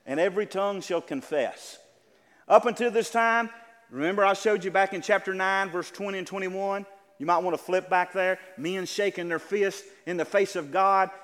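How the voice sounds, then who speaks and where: Southern preacher in an echoing hall. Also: male voice, fairly high pitch. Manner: dramatic, swings from loud emphatic preaching to quiet earnest pleading. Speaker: pastor. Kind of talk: sermon.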